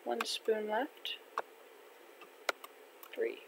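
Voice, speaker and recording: An older woman from Canada chatting casually to herself while playing a video game, gentle and unhurried. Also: a little high, little pitch movement, vocal fry, heavy background noise. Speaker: gaming channel host. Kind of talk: casual gameplay chat. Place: home in winter.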